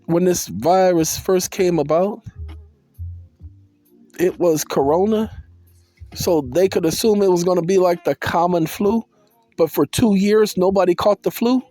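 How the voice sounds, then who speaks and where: A man giving a casual, animated monologue to his viewers, calling out to them and slipping into sing-song bursts, with soul music playing behind him. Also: sits high, unhurried, pauses often, dry recording. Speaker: vlogger.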